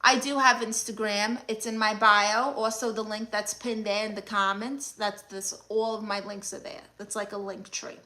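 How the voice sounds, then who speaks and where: A woman playing a sassy, bright-voiced livestream aunt. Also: medium pitch, normal speed, few pauses, natural voice. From Brooklyn, New York. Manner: sassy, deadpan, scolding viewers. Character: brash Latina aunt livestreamer, sassy, mid-aged. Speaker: comedic livestream host character. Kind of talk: mockumentary livestream comedy.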